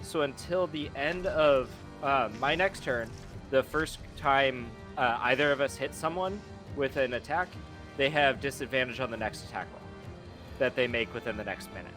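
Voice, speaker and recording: Tabletop player guy, chill, walks thru the rules, middle pitch, music going in the background. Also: moderate pace, a bit bright. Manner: laid-back, explains rules at length. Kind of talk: playing a tabletop game.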